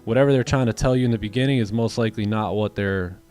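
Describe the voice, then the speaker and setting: A man's voice: lowish voice, fast, darkish tone, faint music behind. A man hosting a live trading stream, answering chat questions in a rambling, casual way and often repeating words. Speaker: trading livestream host.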